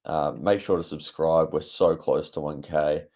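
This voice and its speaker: A young man talks to his viewers in a very deep voice with plenty of vocal fry. His delivery is casual and offhand, with frequent fillers. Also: steady tone, unhurried, darkish tone. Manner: chatty, offhand, many fillers. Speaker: fantasy football YouTuber. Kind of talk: casual talk to camera.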